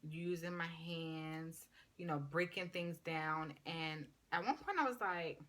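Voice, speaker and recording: A woman in her thirties, a paramedic student, tells a story in a casual, chatty vlog, retelling it animatedly and saying "like" constantly. Her voice sits low and unhurried.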